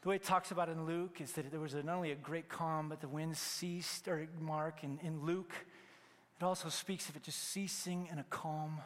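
Man, pastor, sermon, high voice, long hall reverb, loud then hushed. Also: steady tone, normal speed. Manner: swings between loud emphatic peaks and hushed near-whispers.

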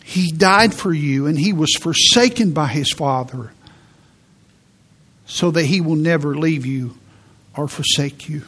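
A man giving a sermon as a pastor, preaching in a church with slow, emphatic delivery and repeated key words. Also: on the high side, fairly bright tone, breathy edge. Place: church sanctuary.

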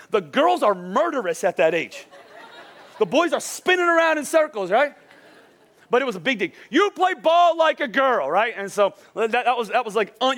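A man's voice: very high-pitched, fairly bright tone. A young adult man preaching a sermon in a church, talking casually and energetically, often restarting and asking the crowd "right?". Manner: restarts and repeats words often. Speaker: pastor. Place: church auditorium.

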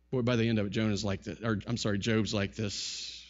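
A man's voice: on the low side, flat delivery, a little fast, few pauses, muffled recording. A male pastor preaching a sermon emphatically, asking many rhetorical questions and often repeating words.

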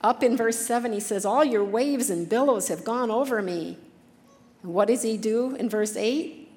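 A woman's voice: a little high, moderate pace, darkish tone, big-room sound. A woman giving an earnest, conversational devotional talk, reading scripture passages with feeling.

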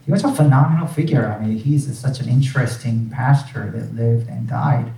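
A man, a pastor, delivering an earnest sermon, pressing hard on some phrases and dropping to a hush on others. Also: mid-range voice, normal speed, gravelly, echoey room, distant mic, rough recording. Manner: earnest, emphatic preaching with soft hushed drops on key phrases.

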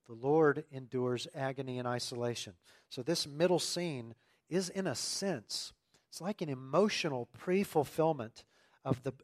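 A man preaching a sermon, emphatic and earnest, swinging from loud declarations to quiet asides and often repeating phrases. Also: mid-range voice. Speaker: pastor.

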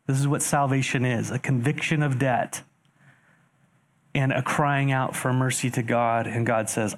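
A male pastor delivering a sermon to his congregation at a middle pitch. He reads scripture aloud and breaks off to explain it. His voice jumps up for emphasis and for questions put to the listeners. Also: a little slow. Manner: animated, rising sharply for emphasis and rhetorical questions; addresses congregation directly.

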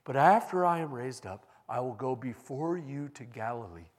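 A man's voice: mid-range voice, lively intonation, normal speed, lightly acted. A man voicing Jesus as a sorrowful, resolute grown teacher while reading scripture aloud earnestly. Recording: long reverb in a large hall.

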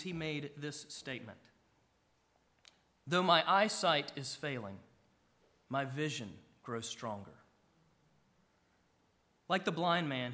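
A middle-aged pastor, preaching a sermon, with emphatic rises and soft drops. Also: male voice, fairly high pitch.

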